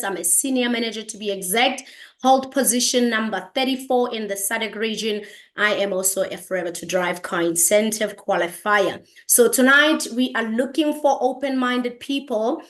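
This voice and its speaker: A woman's voice: a little high, normal speed. Upbeat woman hosting a video call. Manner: energetic, greets attendees by place one after another. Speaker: host of an online business presentation. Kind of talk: upbeat online meeting presentation.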